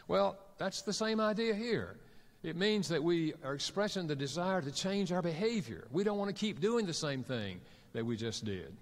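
A man's voice: high voice, lively intonation, normal speed. Man preaching in a reverberant hall. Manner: storytelling, acts out quoted couples in dialogue. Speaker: pastor and marriage counselor. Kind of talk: sermon.

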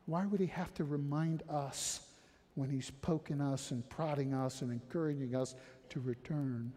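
A man preaching a sermon, moving between hushed, low passages and loud, high-pitched exhortation. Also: fairly even intonation, normal speed, big-room sound.

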